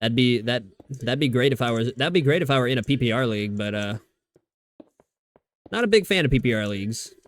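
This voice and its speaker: A man's voice: mid-range voice, expressive, fairly quick, long pauses. A man streaming live, chatting casually and rambling about football, often restarting his sentences and swearing freely. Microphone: desk microphone.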